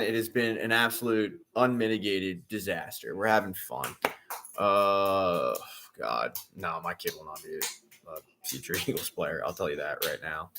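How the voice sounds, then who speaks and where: A man's voice: low voice, a little slow, sharp tone, a little hiss or hum. A man in his thirties hosting a live football watch-along, talking casually and breaking into exasperated outbursts at bad plays. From Philadelphia area. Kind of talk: casual live-stream commentary.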